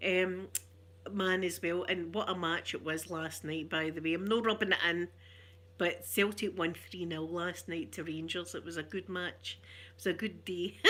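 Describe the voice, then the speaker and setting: Middle-aged Glaswegian woman, ASMR stream host, soft rambling chat, bright voice. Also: fairly low pitch. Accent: Glaswegian Scottish. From Glasgow, Scotland. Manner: soft-spoken, rambling, warm chatter with viewers. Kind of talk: chatty ASMR livestream.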